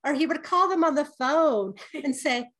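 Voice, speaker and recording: A middle-aged woman with a high voice tells family stories in a relaxed podcast chat. She laughs often and drops into a gruff voice when she mimics her father. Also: moderate pace. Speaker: podcast co-host. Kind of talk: casual storytelling chat.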